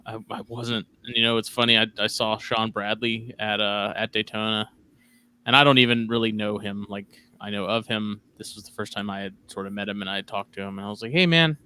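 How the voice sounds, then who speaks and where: A man's voice: fairly low pitch, level tone, brisk, sharp tone, clear, resonant tone. A man hosting a podcast in casual chat, telling stories animatedly and acting out his own past remarks. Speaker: podcast host.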